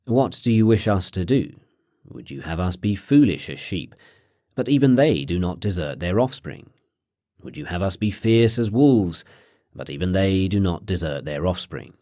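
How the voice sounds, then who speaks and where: Deep, expressive male audiobook narrator. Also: dry recording, studio quality. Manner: measured, expressive reading. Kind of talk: scripted audiobook reading of philosophy.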